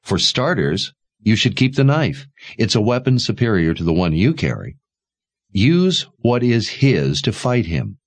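A man's voice: lowish voice, sing-song, unhurried, no echo, voice pushed up, exaggerated voice. A man reading aloud and voicing a ruthless, determined young warrior who talks bluntly and persuasively. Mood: calm, insistent.

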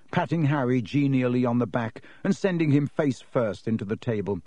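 A man narrating a children's novel as an audiobook reader, telling the story in a lively way. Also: medium pitch, normal speed, no echo. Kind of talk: scripted narration.

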